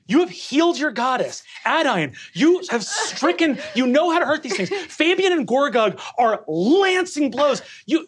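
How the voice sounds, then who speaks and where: A man narrating as game master of a tabletop game, animated and quick to laugh. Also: very high voice, slightly rough. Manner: animated, lively, breaks into laughter.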